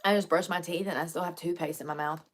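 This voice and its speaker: A woman's voice: lowish voice, steady tone, quick pace, slight background noise. A young woman vlogging to camera in casual chat, chatty and joking, swearing freely.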